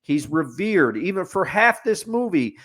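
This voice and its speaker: A podcast co-host with a fairly high-pitched voice talks through a movie in relaxed review chat, speaking a little slowly. Opinionated, he builds his argument point by point, as if ticking off a checklist.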